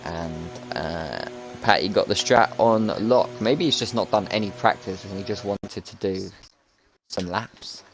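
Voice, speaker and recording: A man's voice: sits low, a little slow. A man commentating live on an online racing league, chatty and jokey as he calls the laps. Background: music.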